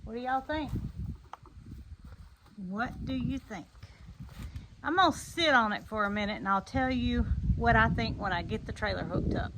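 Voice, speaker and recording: A woman's voice: on the high side, moderate pace, pauses often, noisy background. A woman chatting straight to her viewers in a casual farm vlog, filmed on a handheld phone. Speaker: farm vlogger. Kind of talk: casual vlog narration to camera. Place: farm and truck, in and out of doors.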